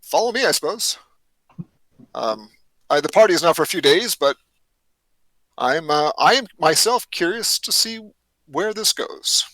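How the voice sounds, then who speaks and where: A man's voice: fairly high pitch, very animated, measured pace, long pauses, pushed and bright, no room sound, exaggerated voice. A man voicing a cultured young nobleman, heir to an earldom, speaking formally and warily in a tabletop game. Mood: curious.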